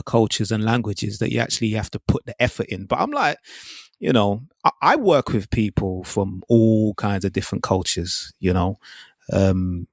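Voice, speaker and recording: Low-voiced earnest man. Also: no echo, studio quality. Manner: earnest, measured, checks in with listeners. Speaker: podcast co-host. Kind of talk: casual chat.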